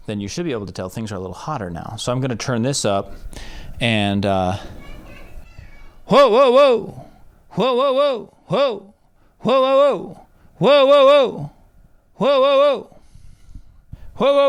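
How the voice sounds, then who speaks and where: In this casual tutorial, a man whose voice sits on the low side demonstrates how he records vocals, explaining each step and belting out loud sung test shouts. He's a music producer holding a dynamic mic roughly a foot from his mouth, inside a home studio treated with curtains and rock wool.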